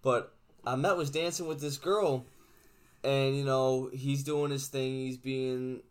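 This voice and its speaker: A young man in casual chat, laid-back and halting, often restarting his sentences. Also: mid-range voice, fairly even intonation.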